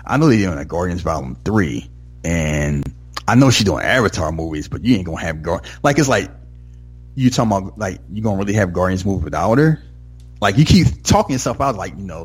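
A man's voice: sits low, slightly rough. A man chatting casually about a film he saw, rambling with lots of "like" and "you know", sometimes acting out the lines. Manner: enthusiastic, acts out movie lines. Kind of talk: casual movie discussion.

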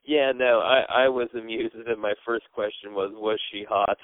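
Male podcast host, relaxed and hesitant, heard over a thin phone-like line. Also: on the low side, normal speed, dry recording. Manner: relaxed, hesitant with many fillers. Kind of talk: casual podcast chat. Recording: narrow phone-like sound, dry.

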